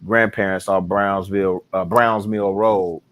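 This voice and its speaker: A middle-aged man with a Chicago accent talks in a relaxed, rambling way, with plenty of fillers along the way. His voice sits a little low. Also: unhurried. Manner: laid-back, rambling with fillers and restarts. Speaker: podcast co-host. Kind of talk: casual chat.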